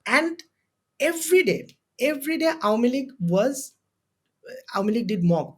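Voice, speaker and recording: A man's voice: very high-pitched, very animated, moderate pace, pauses often. Impassioned young Bangladeshi man. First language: Bengali. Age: young adult. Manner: impassioned, emotional, repeats phrases for emphasis. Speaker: university student guest. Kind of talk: podcast interview.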